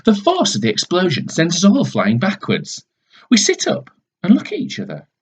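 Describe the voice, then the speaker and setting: A man, a teacher, reading a chapter of a class novel aloud with expressive storytelling. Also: high voice, normal speed, breathy edge. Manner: expressive storytelling, soft asides. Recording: dull lo-fi recording.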